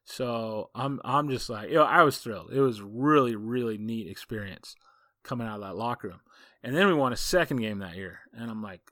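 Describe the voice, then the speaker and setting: A man's voice: mid-range voice, a little fast, pushed and bright, dry recording, clean studio sound. A man, a football coach hosting a podcast, telling a story in a casual, folksy, rambling way full of asides.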